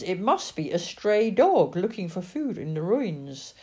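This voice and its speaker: A woman reading a children's story aloud in an expressive, dramatic way. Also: lowish voice, unhurried, hardly any pauses. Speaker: narrator.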